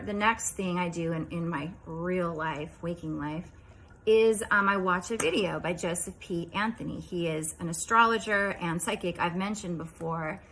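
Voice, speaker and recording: Bright-voiced woman recounting a dream. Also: fairly low pitch, slight background noise, poor audio. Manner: rambling, chatty, with drops into quiet asides. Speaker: vlogger. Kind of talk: casual storytelling, recounting a dream.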